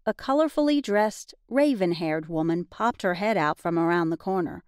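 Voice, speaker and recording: A woman audiobook narrator reading a first-person cozy mystery in an even, conversational storytelling manner. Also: on the low side, moderate pace, few pauses, smooth, no echo, studio quality.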